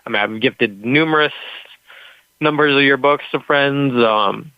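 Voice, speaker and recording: A man from California calling into a show, his speech halting and stumbling because his mouth is numb from the dentist. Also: medium pitch, clear, resonant tone, no room sound, lo-fi sound. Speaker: caller.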